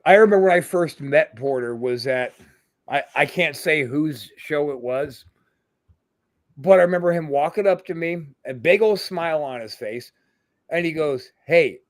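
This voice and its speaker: A man's voice: on the high side, no room sound, studio quality. A middle-aged man hosting a casual podcast, telling profane stories and quoting people in their voices. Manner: profane, storytelling with quoted voices. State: throat tightening with emotion. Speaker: podcast host.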